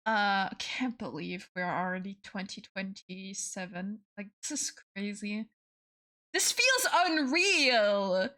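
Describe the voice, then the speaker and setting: A young woman with a French accent chatting casually on a stream, swearing a lot, laughing often and repeating herself when she gets excited. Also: mid-range voice, takes it slowly. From France. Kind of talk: casual chat.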